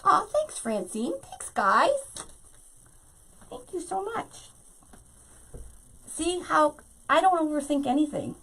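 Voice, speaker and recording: A woman's voice: sits high, big pitch swings, takes it slowly, creaky, pauses often, a bit bright, rough recording. A woman hosting a live craft tutorial, chatting to her viewers directly and laughing often.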